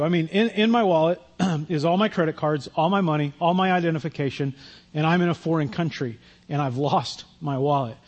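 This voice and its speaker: A man preaching a sermon, telling a self-deprecating personal story in a conversational way. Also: a little high. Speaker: pastor.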